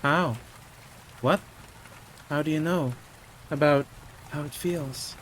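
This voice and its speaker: A man's voice: a little high, takes it slowly, a bit bright, a little hiss or hum, rough recording. A man voicing a distraught sixteen-year-old boy who shot someone, reading his lines aloud in a pleading, breaking tone. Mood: despairing. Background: game music and rain.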